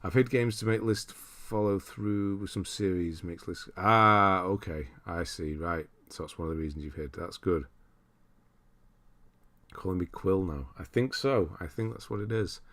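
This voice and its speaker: A man's voice: deep voice, unhurried, fairly bright tone. A man casually chatting on a livestream, thinking aloud and laughing as he reads through viewers' lists. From United Kingdom. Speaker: streamer.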